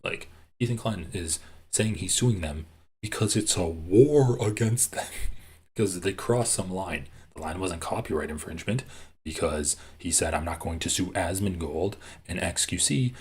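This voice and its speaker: A man doing live-stream commentary on clips, ranting with lots of swearing and getting loud and heated. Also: sits low, moderate pace, slightly rough. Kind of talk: livestream commentary reacting to clips.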